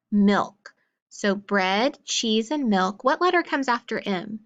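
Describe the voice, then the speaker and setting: A woman teaching a phonics lesson, carefully sounding out letters, syllables and words in a steady drill. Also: medium pitch, moderate pace, lo-fi sound.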